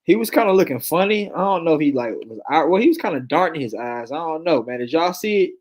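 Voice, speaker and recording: A man's voice: a little high, expressive, fast, darkish tone. A man hosting a show, giving casual, chatty reaction commentary on a video with unsure asides. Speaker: host.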